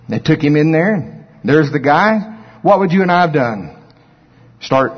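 Excitable preacher in a reverberant hall. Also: male voice, moderate pace, pauses often. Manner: animated storytelling, swings from low murmur to high excited shouts. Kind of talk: sermon. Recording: dull lo-fi recording with long hall reverb.

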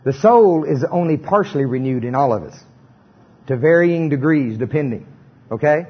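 A man's voice: a little high, moderate pace, breathy edge, dull audio. A middle-aged man preaching and leading a congregation in repeated lines, with joking asides. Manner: animated, joking asides, leads congregation in repetition. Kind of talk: sermon with call-and-response.

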